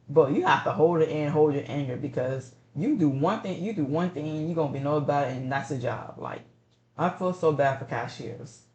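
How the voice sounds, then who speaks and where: A man streaming and chatting casually, ranting about rude messages and repeating himself. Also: echoey room. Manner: ranting, repeats himself, animated pitch jumps.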